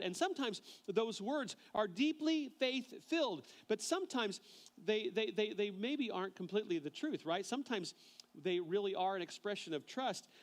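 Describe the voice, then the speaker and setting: A male pastor preaching a sermon in an earnest way, often repeating words as he starts a phrase and slowing down on key lines. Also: sits high.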